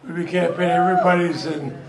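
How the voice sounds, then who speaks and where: A man's voice: sits high, fairly even intonation, brisk. An older man, giving a folksy, anecdotal speech at a party event and chuckling through his stories. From Vermont, US. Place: event hall. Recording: echoey hall with crowd noise.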